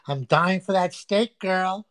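A loud, crude woman chatting on a casual livestream from inside a home. She teases and swears freely in brash, playful banter. Her voice sits at an ordinary middle pitch and sounds dry and close, with little room echo. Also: slow. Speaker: livestream host. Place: a friend's home.

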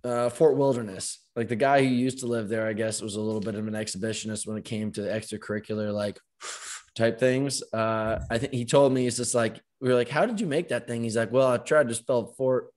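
A man in his thirties telling stories in casual chat as podcast host, animated, acting out other people's voices and swearing freely. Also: medium pitch, a little fast.

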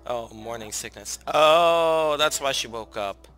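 A man's voice: mid-range voice, slow pace. A young man casually commenting on a life-sim game, chatting to his characters and gushing when something cute happens. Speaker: gaming channel host. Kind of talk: casual let's play commentary. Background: soft background music.

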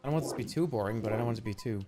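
A man's voice: medium pitch, racing, over music. A man in his thirties giving casual, jokey gameplay commentary as a streamer, often sounding incredulous.

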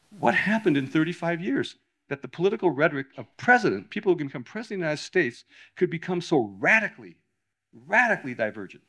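A man's voice: on the high side, big pitch swings, fast, bright, forceful tone. An older man lecturing to a live audience in a hall, talking emphatically with frequent restarts and self-corrections. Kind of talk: public lecture.

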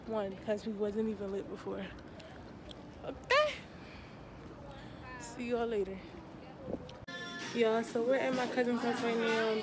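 Young woman vlogger, slangy, laid-back, higher voice, noisy phone audio outdoors. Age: young adult. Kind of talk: casual vlog chat. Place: outdoors on a college campus at night.

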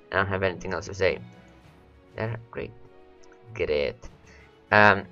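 A man's voice: deep voice, a bit bright, dull audio. A man rambling through gameplay commentary, his voice worn and cracking from hours of talking, repeating words as he talks to his units. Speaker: let's play host.

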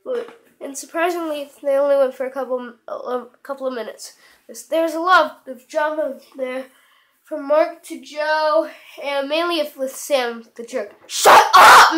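A woman with a high voice hosts and voices every character in a homemade toy-figure comedy show. She talks in a loose, stumbling way, repeating words as she goes. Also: a little hiss or hum. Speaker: host and voice of all characters.

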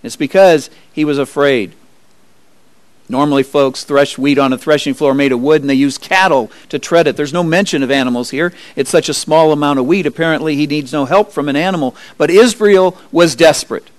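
Male pastor preaching, fairly high voice, dry close sound, expressive rises and drops. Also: normal speed, no room sound. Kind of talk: sermon. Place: church.

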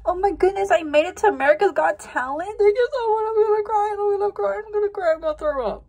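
A woman's voice: mid-range voice, steady tone, moderate pace, husky, lightly acted. A woman playing an overdramatic young talent show contestant who talks to the crowd in a theatrical, bossy way. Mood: overjoyed. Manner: theatrical, bossy toward the crowd, then gushing.

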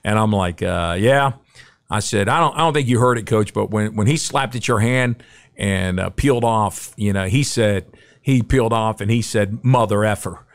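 A middle-aged man, a podcast guest, telling a story in casual, animated chat and acting out the quotes. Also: on the low side, normal speed.

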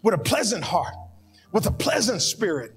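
A man's voice: sits high, sing-song, normal speed. Fervent preacher man, ringing hall. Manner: fervent, prayerful preaching with repeated pleas. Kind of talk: sermon. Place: church sanctuary. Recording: long hall reverb with soft music behind.

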